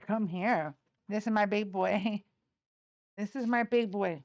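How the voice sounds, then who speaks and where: A woman's voice: mid-range voice, steady tone, slow, dry recording, dull audio. A woman hosting a casual livestream, chatting with viewers and talking affectionately to her dogs. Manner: affectionate baby talk to her dogs, laughing often. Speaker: livestream host.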